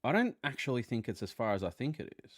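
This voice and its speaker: Sweary Australian bloke hosting a live stream. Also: male voice, mid-range voice, big pitch swings, fast talker, no echo, clean studio sound. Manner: loose, sweary and blokey, thinking aloud. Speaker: host of a live football fan stream. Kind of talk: casual live-stream chat with viewers.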